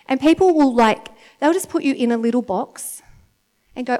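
High-voiced Australian woman preaching animatedly. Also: moderate pace. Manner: animated and chatty, laughs often, gets worked up. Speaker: church speaker. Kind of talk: lively sermon to a congregation. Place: church meeting in front of an audience.

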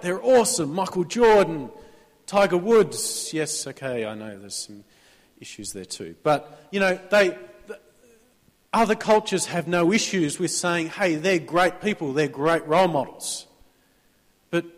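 A man's voice: medium pitch, big-room sound. A man with an Australian accent preaching a sermon in a church, talking conversationally, prompting the congregation to answer amen, with a sore throat. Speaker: pastor.

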